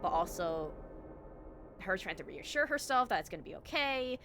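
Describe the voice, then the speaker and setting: A woman's voice: lowish voice, very animated, moderate pace, noisy background. A young woman voice actor chatting casually about her role, rambling with lots of fillers. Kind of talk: casual commentary on her own performance.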